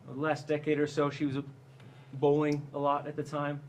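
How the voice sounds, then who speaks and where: A man playing a hesitant man looking for someone, halting and full of uhs, from a live stage show recording. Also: on the high side, monotone, slight background noise, natural voice. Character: hesitant man searching for a woman.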